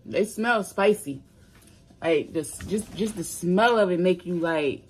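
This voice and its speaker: Slow-talking hoarse woman vlogger, lowish voice, chatty, talks to her viewers. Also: slight background noise. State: hoarse, coming down with a cold. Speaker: mukbang vlogger. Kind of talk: casual food challenge vlog.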